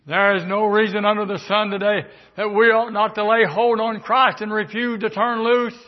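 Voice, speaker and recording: Older male preacher, high-pitched, fervent, dull lo-fi church tape. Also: little pitch movement, moderate pace. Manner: fervent preaching, swings from quiet to shouting. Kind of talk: sermon.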